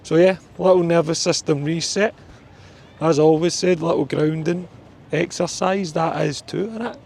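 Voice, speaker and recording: A man's voice: fairly high pitch, normal speed, gravelly, darkish tone, a little hiss or hum. A man, a life coach chatting casually on an outdoor walk, swearing mildly now and then. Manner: chatty, mild swearing, talks to his dog. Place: outdoors on a walk near a street.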